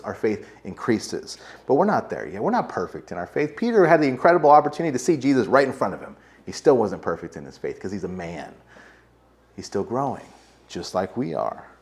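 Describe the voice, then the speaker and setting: A man's voice: mid-range voice, darkish tone. A man with an American accent, a pastor preaching a sermon in a casual, conversational way, with frequent fillers. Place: church sanctuary.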